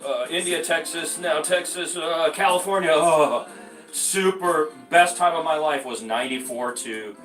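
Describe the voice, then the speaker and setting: A man telling stories in a casual conversation, animated and emphatic, swearing freely and often jumping up in pitch. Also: a little slow, far from the mic. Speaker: podcast guest. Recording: echoey room, off-mic, faint music.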